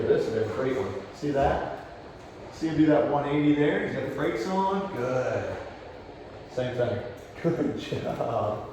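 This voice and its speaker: A man working as a dog trainer, explaining each step calmly during a live demonstration and breaking off to praise the dog. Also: a little high, recorded from a distance, background noise. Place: indoors in a home. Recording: echoey room, voice picked up from afar.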